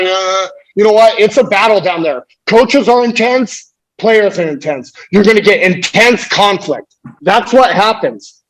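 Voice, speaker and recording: A man's voice: high-pitched, a bit bright, poor audio. A man from the United States, a guest on a podcast, talking in a fired-up, emphatic way with frequent swearing in casual chat.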